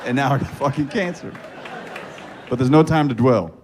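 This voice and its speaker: Man, stand-up comic, deadpan profane storytelling, mid-pitched voice, noisy live club recording. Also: normal speed, a faint crowd. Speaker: stand-up comedian. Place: comedy club stage with laughing audience.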